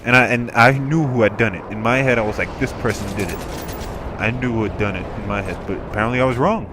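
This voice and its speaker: A man chatting over gameplay in an easy, rambling way, stumbling and restarting as he tells his story. His voice sits at an ordinary male pitch, with faint background noise under the recording. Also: quick pace. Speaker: gameplay commentator. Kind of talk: casual game commentary storytelling.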